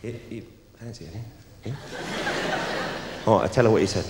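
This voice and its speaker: A man's voice: on the low side, fairly quick, background noise. A man doing a bawdy live stand-up routine, bantering cheekily with the audience from a club stage. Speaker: stand-up comedian. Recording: echoey club recording with crowd. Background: audience laughter.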